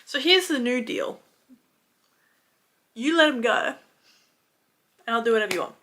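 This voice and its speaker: A firm, defiant young woman read out by a woman who lays down terms. She speaks in a bright, fairly high voice and stays set on her demands. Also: animated, measured pace, a little hiss or hum.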